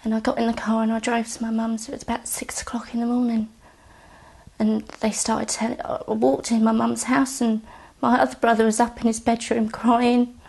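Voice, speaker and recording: A woman giving halting, quiet testimony about her brother, often dropping near a whisper and close to tears. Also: on the high side, level tone, vocal fry, breathy edge. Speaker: bereaved sister giving testimony. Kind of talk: recounted personal testimony.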